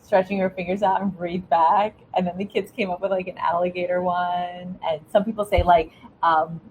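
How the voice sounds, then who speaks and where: Earnest woman, lowish voice, faint rumble. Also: flat delivery, moderate pace, darkish tone, poor audio. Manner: earnest, encouraging, with restarts. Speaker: guest, former school principal. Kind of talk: advice-giving interview talk.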